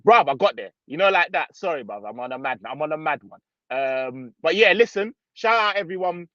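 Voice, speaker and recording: A man's voice: fairly high pitch, lively intonation, a little fast, bright, forceful tone, no room sound, highs cut off. Slangy man chatting live. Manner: slangy, reads out viewer comments, upbeat. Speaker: football channel host. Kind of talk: casual live stream chat.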